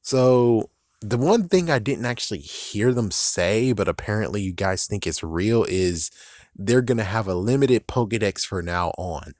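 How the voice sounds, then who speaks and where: A man's voice: fairly low pitch, unhurried, darkish tone, no room sound. Profane ranting young man, dry close sound. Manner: angry, profane ranting with mocking quoted voices. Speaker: video game commentator. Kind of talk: rant vlog.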